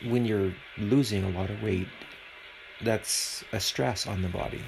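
A man's voice: on the low side, fairly even intonation, a little slow, vocal fry, noisy background. A man hosting a podcast alone at home, talking in an earnest, preachy and rambling way. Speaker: podcast host. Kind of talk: casual podcast monologue.

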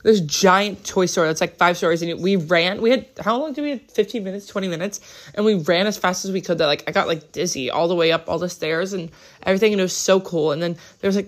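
Rambling, chatty woman. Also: lowish voice. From United States. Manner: chatty, rambling, many "like" fillers. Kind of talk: casual travel vlog chat. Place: hotel room.

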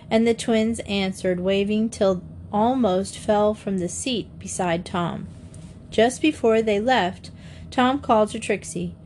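A woman's voice: mid-range voice, a little mellow, slight background noise. A woman narrating a children's mystery book in a storytelling manner. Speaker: audiobook narrator.

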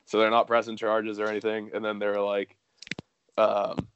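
A man's voice: lowish voice, completely flat delivery, moderate pace, muffled recording, a little hiss or hum. A young man telling a story casually, rambling with lots of fillers and swearing.

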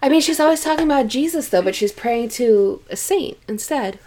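A woman's voice: a little high, animated, brisk, warm tone. A woman co-hosting a casual film discussion, conversational and observant.

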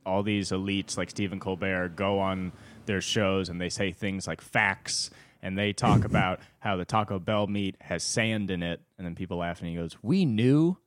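A man co-hosting a casual comedy podcast, telling stories with lively, jumpy delivery. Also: no echo. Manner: lively, animated storytelling with quick jumps in pitch. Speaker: podcast co-host, stand-up comic. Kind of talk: casual chat.

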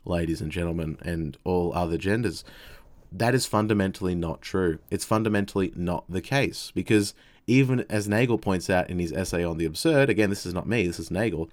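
A man's voice: low voice, brisk. An Australian man reading quoted passages and explaining philosophy in a thoughtful way, with hesitant asides.

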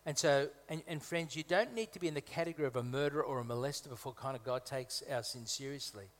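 Male guest preacher from Malta, conversational sermon, humorous asides, emphatic repeats, mid-pitched voice, long hall reverb. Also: fast talker. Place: church hall.

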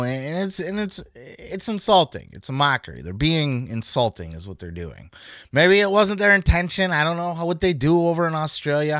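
A man's voice: on the high side, a bit bright, no room sound, studio quality. A man hosting a podcast, talking casually in a heated, profane rant. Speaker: podcast host. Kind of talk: casual chat.

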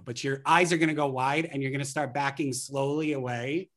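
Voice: mid-range voice, steady tone, moderate pace. A guest in an interview explaining marketing ideas through acted-out anecdotes in a casual way. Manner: anecdotal, acts out scenarios.

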